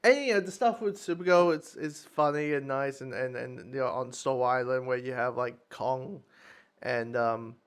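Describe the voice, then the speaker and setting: A man's voice: medium pitch, moderate pace, smooth. A man giving a casual, rambling spoken review of a comic, with frequent restarts, swearing and laughing at himself.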